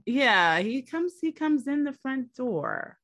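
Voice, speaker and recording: A woman's voice: high voice, takes it slowly, no echo, studio quality. A woman co-hosting a podcast, telling a story in casual chat and acting out the people she quotes. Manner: animated storyteller, acts out quotes. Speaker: podcast co-host recapping a drama series.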